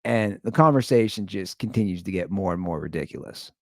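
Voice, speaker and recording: Amused man host, low dry voice. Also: animated, brisk, a little mellow, no echo. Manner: amused, rambling. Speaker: show host. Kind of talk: casual commentary.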